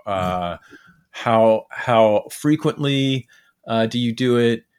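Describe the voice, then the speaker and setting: A man hosting casual podcast chat, asking questions in a halting way with many restarts. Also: medium pitch, darkish tone, clean tone.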